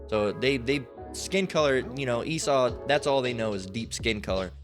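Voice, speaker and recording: A man's voice: medium pitch, normal speed, music in the background. A man giving rambling scripture commentary, profane and emphatic, with many restarts and tag questions. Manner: profane, emphatic, full of restarts and "all right?". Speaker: religious commentator.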